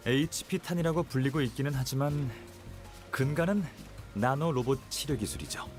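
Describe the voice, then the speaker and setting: An actor playing a chipper researcher, rapid. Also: male voice, medium pitch, faint music behind, close to an everyday voice. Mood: boastful. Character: chipper male researcher who makes medical ampoules. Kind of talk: game voice acting.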